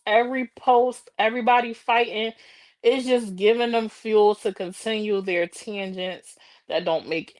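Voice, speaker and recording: A tired woman hosting a casual chat with her viewers, sassy and animated, talking while out walking a dog in the rain. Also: mid-range voice, no echo. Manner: sassy, animated, slangy and drawling. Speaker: livestream host.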